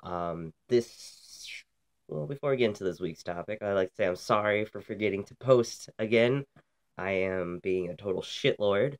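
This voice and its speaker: A man's voice: lowish voice, animated, moderate pace. A young man from Canada, hosting a casual vlog while sick, talking bluntly and profanely with lots of ums. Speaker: vlog host.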